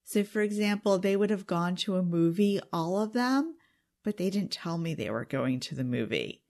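A woman's voice: fairly low pitch, expressive, moderate pace, vocal fry, a little mellow. A woman giving a confiding self-help talk straight to her listeners, earnest and intimate, sometimes dropping to a whisper. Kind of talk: confiding direct-to-camera talk.

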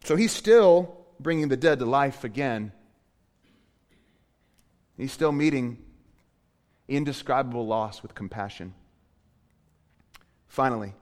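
A male pastor giving a sermon, moving between hushed, quiet passages and loud, emphatic preaching. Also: medium pitch, lively intonation, slow, long pauses, big-room sound. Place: church.

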